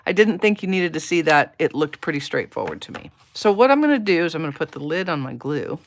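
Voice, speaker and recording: Talking fast in a low voice with big pitch swings, an American papercraft demonstrator runs a live-stream card-making tutorial. She chats while working, talks to herself and greets viewers by name. Slight background noise can be heard.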